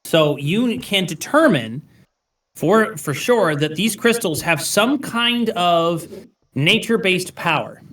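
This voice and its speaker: Game master a little far from the mic. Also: male voice, high-pitched, expressive, slow, fairly bright tone. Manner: descriptive, with frequent ums. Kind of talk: narrating a tabletop game.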